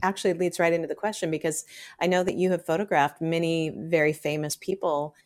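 A woman's voice: low-pitched, fairly even intonation, brisk, a little mellow. A woman hosting an interview, asking effusive, rambling questions full of compliments. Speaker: interviewer host. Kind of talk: casual interview.

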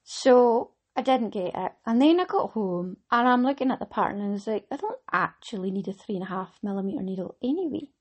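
Middle-aged Scottish woman, husky podcast host, chatty and rambling. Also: mid-range voice, animated, a little fast, few pauses, lo-fi sound. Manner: chatty, rambling, laughs often. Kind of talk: casual chat.

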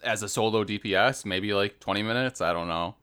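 A man's voice: fairly low pitch, a little fast, fairly bright tone, clear, resonant tone. A man in a casual gaming chat, asking curious questions.

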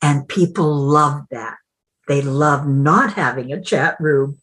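Low, unhurried woman telling a story. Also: fairly bright tone. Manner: reflective, acts out quoted dialogue. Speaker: mentor and coach. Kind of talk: conversational interview storytelling.

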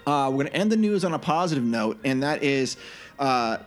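Man, podcast co-host, animated and opinionated, mid pitch, faint music behind. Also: fairly quick. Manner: animated, opinionated, frequent restarts. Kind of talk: casual chat.

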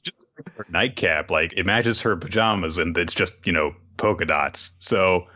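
Co-host, male, very low pitch but sharp, forceful tone, dry humor, muffled lo-fi recording. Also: moderate pace. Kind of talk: casual chat. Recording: dull lo-fi recording.

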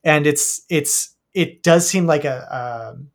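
A man's voice: a little high, slow pace. Thoughtful man in casual podcast talk. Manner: thoughtful, searching for words. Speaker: podcast co-host. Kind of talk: casual chat.

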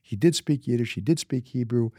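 A man's voice: medium pitch, brisk, mellow, no echo, clean studio sound. A man in his fifties from Minnesota tells personal stories in a casual monologue, emphatic and often repeating words for emphasis. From Minnesota, United States. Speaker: businessman.

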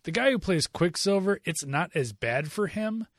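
A man hosting a casual movie review talk with friends, speaking in an opinionated, animated way and often repeating himself. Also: sits high, moderate pace, no room sound, studio quality. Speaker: podcast host.

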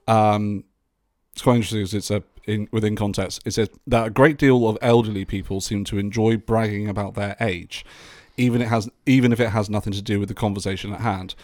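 Brief: man, lowish voice, easygoing podcast co-host, dry close mic. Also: brisk, dry recording. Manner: relaxed, reads listener questions, swears casually. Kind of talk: casual chat.

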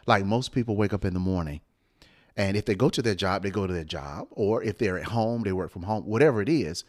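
A man co-hosting a late-night motivational live stream, with a smooth radio-style voice and a preacherly way of repeating phrases for emphasis. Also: fairly low pitch, fairly quick.

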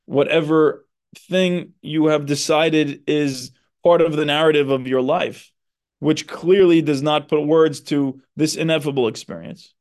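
Earnest man with a higher voice. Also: fairly even intonation, unhurried, darkish tone. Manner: earnest, explanatory, with emphatic stresses. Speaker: psychotherapist and podcast host. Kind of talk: reflective podcast monologue.

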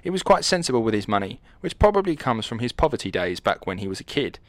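A man's voice: mid-range voice, big pitch swings, quick pace, no room sound. A man hosting a casual, joking history podcast, rambling and swearing freely as he tells the story.

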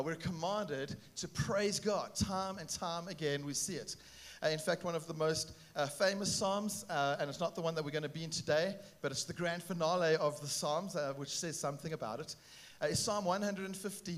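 A man preaching a sermon at a church gathering, upbeat and animated, with frequent "uh" fillers. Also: fairly high pitch, moderate pace. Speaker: pastor.

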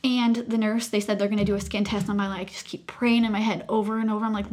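A woman's voice: mid-range voice, steady tone, fast talker, a little mellow. A woman in her thirties, co-hosting a casual chat, telling a personal story in an earnest, emotional way. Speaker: co-host sharing a personal story.

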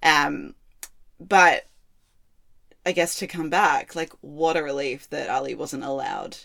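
A woman co-hosting a casual podcast, trading playful banter and laughing easily. Her voice sits a little low for a woman. She talks loosely, with fillers. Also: slow pace, creaky, fairly bright tone. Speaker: podcast co-host. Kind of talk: casual chat.

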